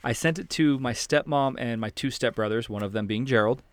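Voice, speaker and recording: A man in his thirties hosts a relaxed podcast chat, joking and swearing as he goes. His voice sits at an ordinary middle pitch and sounds dry and close, with no room around it. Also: a little fast, no echo. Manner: laughing, joking, swears freely. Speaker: podcast host. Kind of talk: casual chat.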